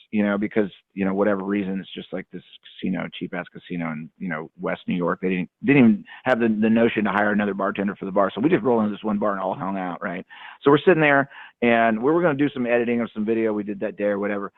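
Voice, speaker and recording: Low-pitched man, rambling caller, thin phone-line sound, dry. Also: dry recording. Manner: rambling, with many fillers and restarts. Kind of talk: casual storytelling.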